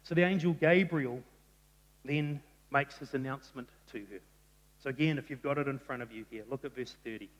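A man preaching a sermon, telling the story in an animated way and acting out the quotes. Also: medium pitch, brisk, highs cut off. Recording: long reverb of a large hall.

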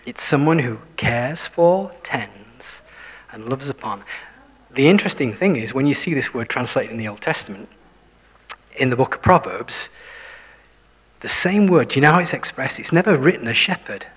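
A preacher delivers his sermon in a husky, slightly breathy voice that carries a long reverb off the hall. He sinks into whispers at key points and turns often to the congregation with questions and wry remarks about himself. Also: mid-range voice, expressive, moderate pace. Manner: shifts between full voice and hushed whispers for emphasis; self-deprecating, asks the listeners questions.

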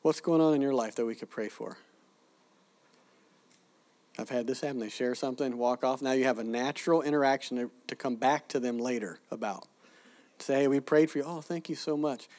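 A man's voice: mid-range voice, brisk. A man teaching a church audience sermon-style, telling stories and acting out the people he quotes. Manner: animated storyteller, acts out quoted people. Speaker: preacher teaching evangelism.

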